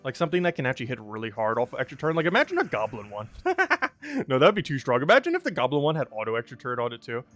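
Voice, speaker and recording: A man's voice: medium pitch, sing-song, rapid-fire, a bit bright, soft background music. A young man giving casual live-stream commentary on a game, chatty, with frequent laughs and many fillers.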